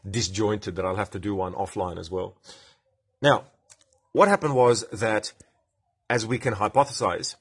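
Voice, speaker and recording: An Australian man hosts a casual science podcast, explaining things enthusiastically and chatting with live commenters. His voice sits on the low side, with a fairly bright tone and a breathy edge.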